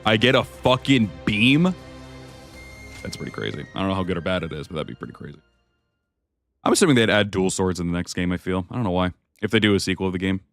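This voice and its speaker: A man's voice: sits low, very fast, gravelly, dry recording. A man casually commentating his own gameplay on a live stream, rambling, swearing and chatting with viewers. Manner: relaxed, rambling, swears freely, talks to chat. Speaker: gaming streamer. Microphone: desk microphone. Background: game music.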